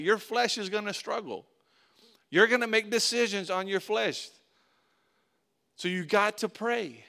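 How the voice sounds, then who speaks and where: Bright, clear-voiced man preaching. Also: high-pitched. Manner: conversational preaching, asks the congregation questions, emphatic repetition. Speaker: pastor. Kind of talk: sermon.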